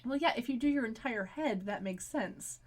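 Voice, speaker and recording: A woman co-hosting a podcast, recapping a TV episode in rambling casual chat with lots of fillers, going quiet when she tells a story. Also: fairly high pitch, expressive, normal speed. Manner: rambling, frequent "like" fillers, drops quiet for stories. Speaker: podcast co-host.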